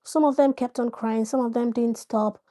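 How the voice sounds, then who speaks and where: A woman's voice: on the high side, fairly even intonation, normal speed, mellow. A woman hosting a live stream, chatting with viewers, greeting them by name and explaining her points through examples. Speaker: live-stream host giving parenting advice. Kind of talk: casual live-stream talk.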